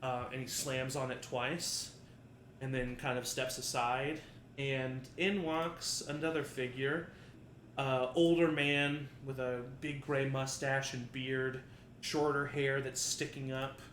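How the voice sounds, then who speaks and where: A man's voice: mid-range voice, little pitch movement, slow, fairly bright tone, slight background noise. A man narrating a tabletop game as game master, rambling with many fillers. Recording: roomy echo, faint ambience.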